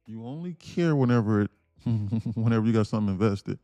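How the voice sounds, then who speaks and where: A man's voice: on the low side, unhurried, pauses often, dark tone, no echo, studio quality, faint music behind. Emphatic man ranting on a trading stream. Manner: emphatic, repetitive, laughs between points. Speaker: day trader streaming live. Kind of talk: livestream rant and trading commentary.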